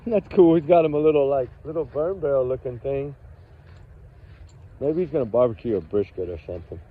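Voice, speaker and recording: A man's voice: mid-range voice, animated, a little fast. A man with a Texan accent, chatting casually outdoors in a rambling way that drifts off topic, heard through a tinny, phone-like recording. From Texas. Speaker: vlogger. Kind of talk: casual chat.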